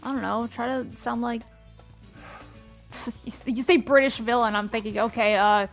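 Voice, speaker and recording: A woman's voice: on the high side, steady tone, normal speed, faint music behind. A woman chatting while she plays a game, laughing and swearing as she goes. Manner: laughing, swears, distracted by play. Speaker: streamer playing the game. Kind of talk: casual chat while gaming.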